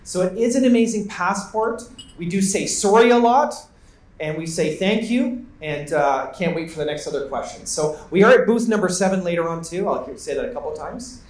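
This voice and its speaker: A man's voice: animated, a little fast, few pauses. Upbeat Canadian man on a panel. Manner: upbeat, joking sales pitch. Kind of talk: conference panel talk. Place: large conference hall. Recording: echoey hall sound.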